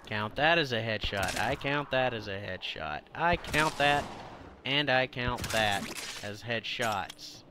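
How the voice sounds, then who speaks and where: A man's voice: medium pitch, slow pace, background noise. A man giving gameplay commentary, exasperated and grumbling with mock-formal asides, his throat sore and coughing. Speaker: gamer.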